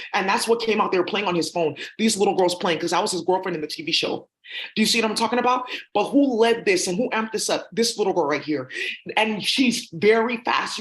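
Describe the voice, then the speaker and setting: A woman's voice: mid-range voice, fairly bright tone. A woman vlogger talking straight to her viewers in a rambling, accusatory monologue full of ums and uhs. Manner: rambling and accusatory, heavy with fillers. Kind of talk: rambling direct-to-camera monologue.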